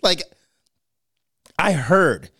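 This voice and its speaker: Animated high-voiced man, dry close sound. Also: drawn-out words, breathy edge, no echo. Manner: animated, laughs often, swears freely. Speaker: podcast co-host. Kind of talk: casual chat.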